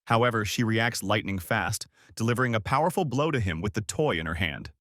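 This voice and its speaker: A man narrates a comic story recap in a steady, scripted read. His pitch moves in a lively, animated way. The recording is dry and close, with no room sound. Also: brisk, dry recording.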